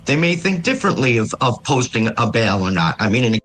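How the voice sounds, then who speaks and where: Measured defense attorney man. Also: medium pitch, sing-song, a bit bright, low-quality recording. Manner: measured, explanatory. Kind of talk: explaining legal procedure.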